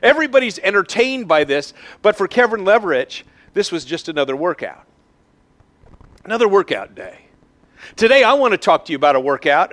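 Pastor, male, higher-pitched voice, chatty sermon delivery with ums and uhs. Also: fairly bright tone. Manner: conversational storytelling with frequent fillers.

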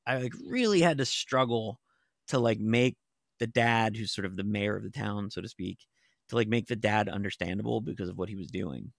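This studio-quality clip, free of room sound, features a middle-aged man who writes for TV and pens novels. His voice is gravelly and fairly low, at a normal speed, as he tells rambling stories in a casual chat full of "like" fillers and occasional profanity.

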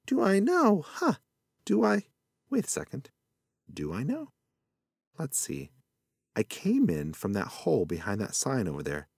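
A man's voice: medium pitch, darkish tone, husky, dry recording, studio quality, voice pushed up, heavily acted. A man voicing a forgetful old male possum who rambles in a folksy, muddled way.

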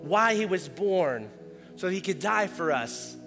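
A man preaching a sermon in a casual, animated way, often acting out quoted dialogue with a raised voice. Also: high-pitched, slow pace, long reverb tail, soft background music. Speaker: pastor.

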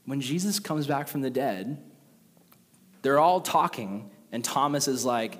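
A man preaching a sermon in a casual, conversational and animated way. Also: medium pitch, unhurried. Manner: conversational, animated, with acted quotes. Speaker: pastor. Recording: long reverb of a large hall.

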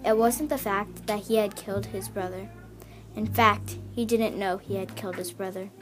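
A woman's voice: medium pitch, moderate pace. Young woman narrator, story reading with light character shading, music bed underneath. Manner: reads dialogue with small voice changes. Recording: music clearly heard behind.

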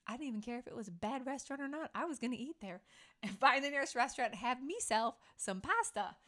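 A middle-aged woman hosts a relaxed chat. She tells stories in a playful, chatty way and acts out the lines of the people she quotes. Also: high voice, fast talker. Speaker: podcast host. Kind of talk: casual chat.

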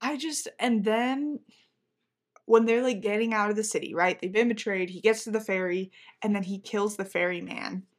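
A woman's voice: medium pitch, normal speed. A woman co-hosting a book podcast, talking casually with many fillers and trailing-off sentences. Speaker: podcast co-host.

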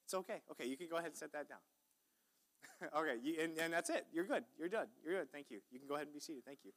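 A male pastor preaches in a church sanctuary, folksy and chatty, tossing questions out to the congregation. His voice is bright and forward, pitched a little high for a man. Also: racing. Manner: folksy, chatty preaching with audience call-outs. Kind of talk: sermon.

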